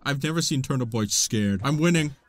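A man doing casual gameplay commentary, excitable and yelping, cutting off his swearing. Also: medium pitch, a little fast. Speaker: gaming YouTuber.

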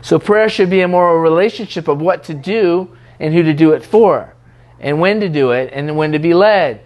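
A man's voice: on the high side, moderate pace, darkish tone. A man preaching a sermon in a conversational way, teasing and mimicking what others say in prayer.

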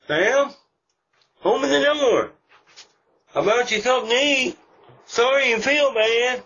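A man's voice: very high-pitched, a little slow, sharp tone, husky, full character voice. A man voicing a whiny, begging father pleading outside a locked door, in a comedic meme video, recorded as muffled lo-fi audio with faint music. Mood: coaxing.

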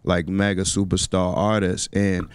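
Radio guest: New man, relaxed street slang, smooth low voice, dry studio mic. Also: a little slow, no echo. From New York. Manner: laid-back slangy talk with many fillers. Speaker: rapper and songwriter guest. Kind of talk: casual radio interview.

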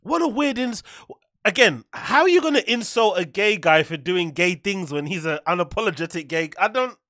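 A man's voice: sits high, lively intonation, normal speed, pushed and bright, no echo, clean studio sound. A man hosting a podcast, reacting to clips with incredulous, mocking commentary and frequent laughter. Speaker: podcast host.

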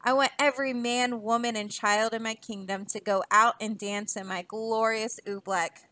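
A woman's voice: a little high, steady tone, normal speed, bright, forceful tone, no room sound. Woman reading as a boastful bossy king. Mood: gleeful. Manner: boastful, snappish. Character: boastful pompous grown man king.

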